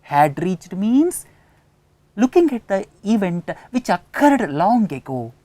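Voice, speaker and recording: A woman with an Indian English accent teaches an English lesson, repeating key phrases to drive points home. Her voice sits very low, yet her intonation rises and falls in a lively way. The recording is dry and close. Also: dry recording. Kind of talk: recorded lecture explaining an editorial.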